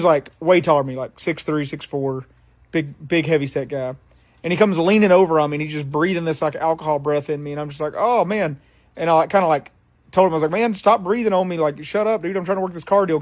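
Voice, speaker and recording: A man in his thirties, a vlogger, telling stories casually to camera in a rambling, animated way with lots of fillers. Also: fairly high pitch, no echo.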